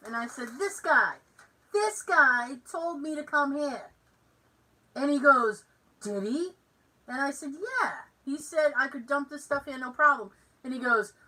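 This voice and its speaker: A woman's voice: high voice, sharp tone, distant mic, low-quality recording. A woman from Massachusetts with a Massachusetts accent, co-hosting a podcast and telling a story in casual chat. She acts out the lines of other people in the story. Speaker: podcast co-host.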